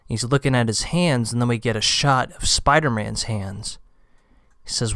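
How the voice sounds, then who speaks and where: A man's voice: medium pitch, measured pace, vocal fry, a bit bright, dry recording, studio quality. A man hosting a comic explainer video, talking in an easygoing, chatty way. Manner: easygoing, chatty, uses fillers like "you know". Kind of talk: casual commentary.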